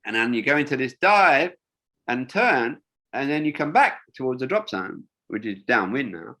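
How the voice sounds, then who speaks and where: A man's voice: mid-range voice, big pitch swings, moderate pace, bright, forceful tone. An older man, a wingsuit designer, telling rambling stories in a casual interview, with lots of fillers and restarts.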